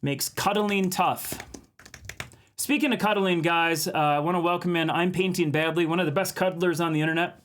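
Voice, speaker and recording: A man from Minnesota hosts a casual art live stream, talking with viewers as he works. His voice sits a little high, and he laughs often and reads chat messages aloud. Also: steady tone, moderate pace, fairly bright tone.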